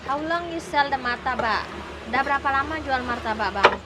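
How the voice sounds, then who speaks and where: A woman co-hosting a travel vlog outdoors at a food stall, teasing and chatty, asking quick questions. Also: high-pitched, animated. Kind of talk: casual chat with a vendor. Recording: loud outdoor street noise.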